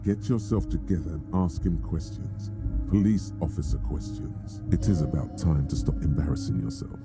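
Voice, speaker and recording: A man's voice: deep voice, lively intonation, normal speed. A man voicing the mocking inner-voice narrator of a detective video game, over music. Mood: sardonic. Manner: dry, sardonic narration.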